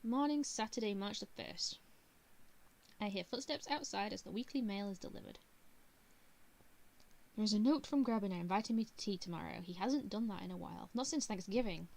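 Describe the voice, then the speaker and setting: A woman streamer reading a visual novel aloud, with animated, chatty asides to her viewers. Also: mid-range voice, a little fast, creaky, long pauses. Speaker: VTuber streamer.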